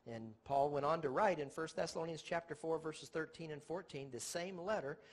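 A man's voice: on the high side, a little fast. A middle-aged man preaching a Bible teaching sermon, asking rhetorical questions and stressing key words.

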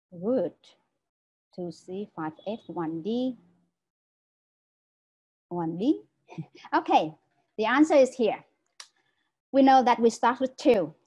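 Mellow woman lecturing. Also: on the high side, breathy edge, rough recording. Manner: explanatory, checks understanding with frequent "right?". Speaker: teacher trainer. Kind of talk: online lecture. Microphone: video call.

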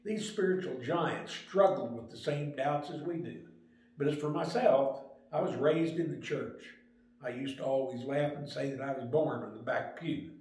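An older man giving a Sunday school lesson, telling stories in a plain, unhurried way with small restarts. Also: medium pitch, darkish tone. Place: church room. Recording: very echoey room.

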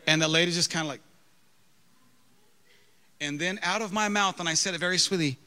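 A man in his thirties, a pastor, delivers a storytelling sermon built around a funny personal anecdote, with the feel of a church pulpit. His bright voice sits a little high and moves a little fast, full of animated, self-mocking humor.

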